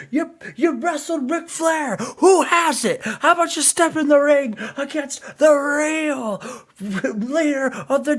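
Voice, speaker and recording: A man's voice: extremely high pitch, fairly bright tone, voice pushed up, exaggerated voice. A man putting on a boastful male pro wrestler, hurling rambling taunts and insults at a rival.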